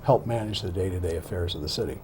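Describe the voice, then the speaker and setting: A man speaks as a professor guest in a slightly low voice, measured and explanatory. He sometimes restarts a phrase before finishing his thought. A faint hiss runs under the recording. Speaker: guest, political science professor. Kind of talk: studio interview.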